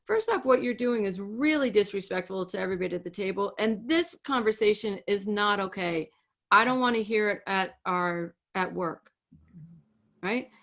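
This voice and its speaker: A woman's voice: medium pitch, expressive, moderate pace, a bit bright. Direct, emphatic woman giving advice. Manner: direct, emphatic, acts out example lines. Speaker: podcast co-host, relationship coach. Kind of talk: casual advice chat.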